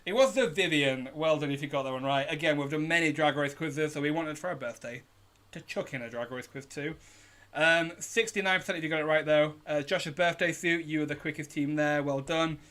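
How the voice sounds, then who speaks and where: A man's voice: a little high, fairly quick, pushed and bright. A British man hosting a live online pub quiz, upbeat as he reads out questions, answer options and team names. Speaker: quiz host. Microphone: home streaming setup.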